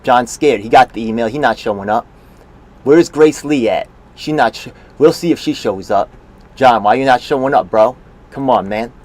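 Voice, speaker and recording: A man's voice: medium pitch, normal speed, a little mellow. A man giving profane, sarcastic running commentary on a livestream, scoffing at what he watches. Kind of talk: profane running commentary over a video call.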